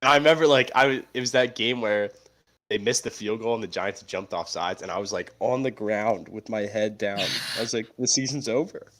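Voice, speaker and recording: Stuffy, tired young man, low voice. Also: a little fast, fairly bright tone. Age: young adult. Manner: wry, self-mocking storyteller with frequent laughs. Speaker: podcast co-host. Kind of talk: casual sports chat. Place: at home.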